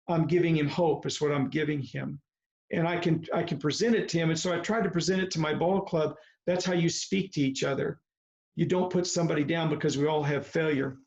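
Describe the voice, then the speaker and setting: A man in his seventies, a retired baseball coach, telling folksy stories in a slow, deliberate way on a video call. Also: sits high, a little mellow. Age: 70s. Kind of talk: reflective talk on a video call. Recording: slightly muffled video call audio.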